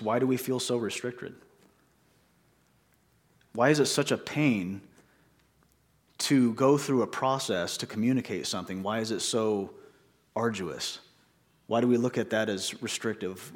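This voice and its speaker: A man preaching a sermon in church, conversational, with many rhetorical questions to the congregation. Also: medium pitch. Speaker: pastor.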